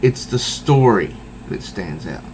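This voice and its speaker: A man casually reviewing a comic book, talking haltingly with many restarts. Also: on the low side, animated, a little mellow, a little hiss or hum, rough recording.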